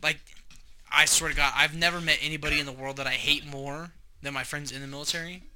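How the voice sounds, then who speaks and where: A man with a fairly high voice chats on a podcast, rambling and swearing as he tells his stories. A steady hiss of noise runs under the recording. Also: quick pace. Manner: profane, rambling, emphatic. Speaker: podcast co-host. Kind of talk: casual chat, storytelling.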